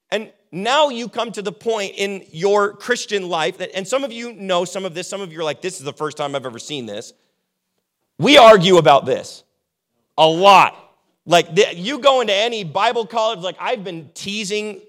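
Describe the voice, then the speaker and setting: A young adult man preaching a sermon as pastor, casual and joking, acting out quick quotes. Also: high voice, a bit bright.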